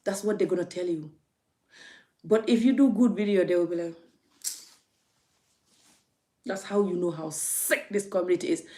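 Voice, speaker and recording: This woman from Gambia vlogs into her phone in a casual rant, her lowish, mellow voice brisk as she laughs, stresses points, and often repeats herself.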